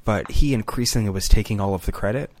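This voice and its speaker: A man's voice: lowish voice, fast talker, a little mellow, dry recording. A man co-hosting a casual podcast chat, telling rambling stories in an earnest way. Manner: chatty storyteller, earnest and rambling. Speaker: podcast co-host.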